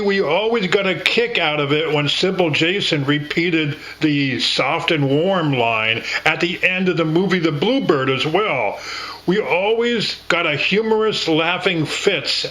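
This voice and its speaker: A man's voice: fairly high pitch, fairly bright tone, rough recording. A man reminiscing in casual chat, rambling and affectionate, with casual swearing. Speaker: co-host.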